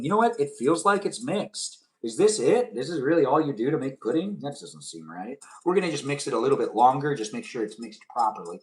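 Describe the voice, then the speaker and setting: A man's voice: medium pitch, far from the mic. Rambling young man streaming from a kitchen. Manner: rambling, chatty, answers viewers' comments aloud. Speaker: live streamer making pudding. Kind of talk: casual live-stream chat while cooking. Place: home kitchen.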